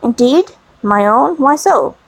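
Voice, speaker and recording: A woman's voice: sits high, animated, slow pace, no echo, heavily acted, low-quality recording. A woman reading the part of a kind, affectionate young husband, mild and a little puzzled.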